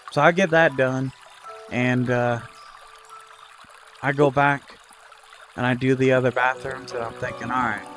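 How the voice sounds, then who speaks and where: A man telling a story about his job in a casual, rambling way, full of fillers and swearing. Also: mid-range voice. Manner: rambling, frequent fillers and profanity. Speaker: vlogger recounting a work dispute.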